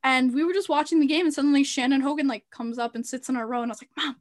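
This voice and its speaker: A young woman guest in casual chat, telling stories in an animated way and laughing often. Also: sits high, fast. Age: young adult.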